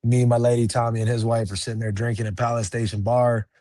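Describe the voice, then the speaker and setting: A man's voice: medium pitch, flat delivery, fast, dark tone, no room sound. Laid-back swearing young man, dry sound. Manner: profane, laid-back, laughing often. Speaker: MMA fighter, interview guest. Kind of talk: casual interview chat.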